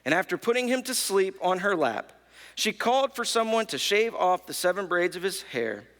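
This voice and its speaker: A man preaching a sermon as pastor, telling the story with lively storytelling and acting out the characters' lines. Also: on the high side, big-room sound. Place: church.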